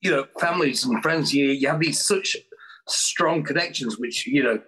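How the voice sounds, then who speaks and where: Chill husky guy hosting a podcast, loose and slangy. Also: medium pitch, normal speed, sharp tone. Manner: laid-back, slangy, loose. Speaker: podcast host. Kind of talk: casual chat.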